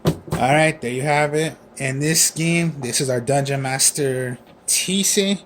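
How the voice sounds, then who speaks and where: A man co-hosting a casual chat and wrapping things up with relaxed sign-offs. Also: mid-range voice, slow, background noise. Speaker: co-host.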